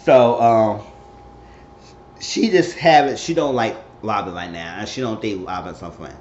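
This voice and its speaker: A man's voice: lowish voice, measured pace, darkish tone. A man giving a chatty, slangy, rambling recap of a reality TV episode in a casual spoken style. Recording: roomy, dull recording with faint hiss.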